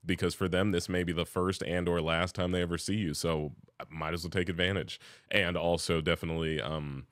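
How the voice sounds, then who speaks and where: A man co-hosting a relaxed chat podcast, with a very low voice. He talks in a measured, reflective way, working through his thoughts as he goes. The recording is dry and close. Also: dry recording. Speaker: podcast co-host. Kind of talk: casual chat.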